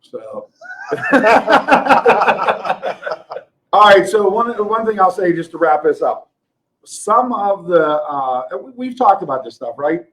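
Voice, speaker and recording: Casual podcast co-host, a man with a fairly high voice who ribs his friends and rambles. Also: lively intonation, slow, long pauses, a bit bright, low-quality recording. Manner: teasing, laughs often, rambling restarts. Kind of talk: casual chat.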